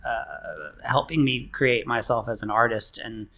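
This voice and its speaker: A middle-aged man, a guest co-owning a music venue, talking in a relaxed, halting way with many fillers, lively when telling stories. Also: medium pitch. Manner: relaxed, halting, full of fillers, animated in anecdotes. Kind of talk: casual interview chat. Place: room by an open window on a busy street.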